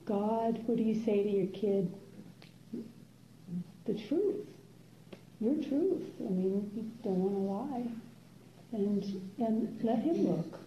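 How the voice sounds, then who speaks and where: An older woman, a meditation teacher, giving an unhurried, musing dharma talk to a class, with soft laughs and pauses. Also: medium pitch, a little hiss or hum. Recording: roomy, dull lo-fi room recording.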